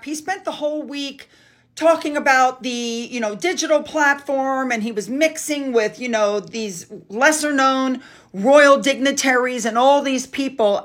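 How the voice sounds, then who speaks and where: A woman's voice: sits high, measured pace, a bit bright. A woman hosting a podcast, giving sarcastic, opinionated commentary. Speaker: podcast host.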